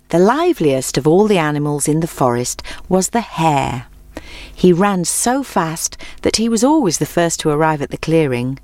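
A woman reads a children's fable aloud in a clear, gentle, measured voice that sits fairly low. The recording is close and dry, with no room sound. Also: dry recording. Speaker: storyteller. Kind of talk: children's storybook narration.

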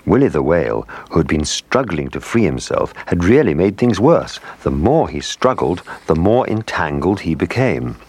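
A man reading a children's story aloud in a lively, expressive way. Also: low-pitched, normal speed, few pauses, slightly rough. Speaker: narrator.

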